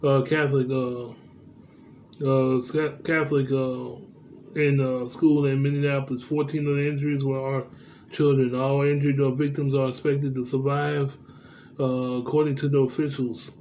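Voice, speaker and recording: A man's voice: mid-range voice, little pitch movement, darkish tone. A man vlogging the news, stumbling through reports with many fillers and restarts. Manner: halting, heavy with uh fillers and restarts. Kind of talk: casual news commentary, reading reports aloud. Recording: dull lo-fi sound, faint background noise.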